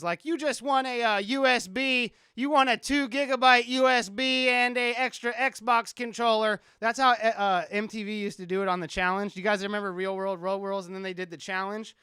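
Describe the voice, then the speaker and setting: A man's voice: sits high, fairly even intonation, fairly quick, hardly any pauses, pushed and bright, clean tone, no echo, clean studio sound. A man who produces music, hosting a casual live stream, rambling, joking and swearing a lot. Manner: profane, rambling, joking with chat.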